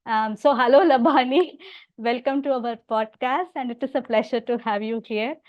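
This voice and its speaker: Female host, slightly high voice, stammers; dry, dull recording. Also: moderate pace, no room sound. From India. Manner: stammers, laughs often, polite. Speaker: podcast host. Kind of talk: casual interview conversation.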